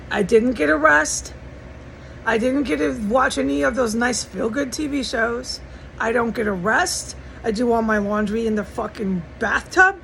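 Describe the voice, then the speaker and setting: An American woman speaks with a slightly raised pitch and a gravelly, fry-laden tone. Her talk is profane and rambling, pressing each point with urgency. Faint traffic noise hums behind her indoor recording. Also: a bit bright, poor audio. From United States. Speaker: vlogger. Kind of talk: agitated personal monologue. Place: indoors in a house.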